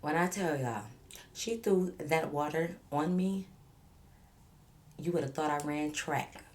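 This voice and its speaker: A woman's voice: low voice, slow pace, a little hiss or hum. Brash woman telling a story. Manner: animated, profane, speaking straight to viewers. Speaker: vlogger. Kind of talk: storytime vlog.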